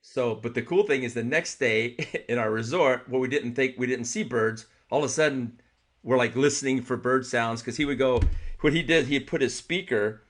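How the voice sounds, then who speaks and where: Chatty man telling a rambling story. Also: mid-range voice. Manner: animated, rambling anecdotes with laughs and restarts. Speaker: podcast co-host. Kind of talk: casual storytelling chat.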